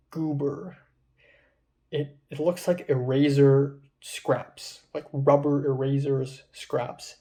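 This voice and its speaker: A tired, sleepy man from Hong Kong rambles through a casual video diary, halting often and filling gaps with lots of fillers. His voice is fairly high-pitched and mellow.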